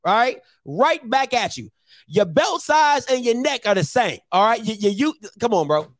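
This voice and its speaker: A man with a very high voice hosts a heated call-in show. He is blunt and confrontational and hammers his points home by repeating them. The sound is dry and close. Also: sing-song, normal speed, a bit bright, no echo.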